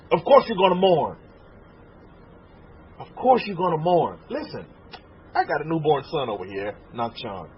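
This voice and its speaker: A man in his forties preaching a sermon, animated and emotional, stumbling and restarting and turning to his listeners with questions. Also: a little high, husky. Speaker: rabbi teaching a congregation. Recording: muffled lo-fi recording.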